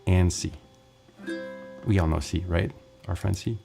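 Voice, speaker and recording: A low, gravelly male voice talks slowly through a ukulele lesson. He counts the beats aloud in an easy, chatty way. Loud ukulele strumming runs under his words. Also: music in the background. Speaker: ukulele teacher. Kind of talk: casual music lesson with counting along. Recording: ukulele playing loudly under the voice.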